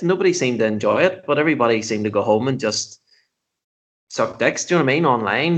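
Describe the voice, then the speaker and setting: A man, a comedian, chatting casually and telling animated, profane stories. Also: medium pitch. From Northern Ireland. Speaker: comedian guest.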